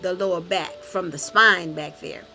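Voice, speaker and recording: Bright, encouraging woman host. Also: fairly low pitch, unhurried, soft background music, poor audio. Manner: encouraging, affirming. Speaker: talk show host. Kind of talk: conversational interview.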